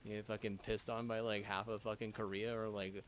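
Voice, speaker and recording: A man's voice: fairly low pitch, little pitch movement, a little fast, hardly any pauses, a little hiss or hum. A man streaming, in a rambling rant full of swearing, restarts and filler words.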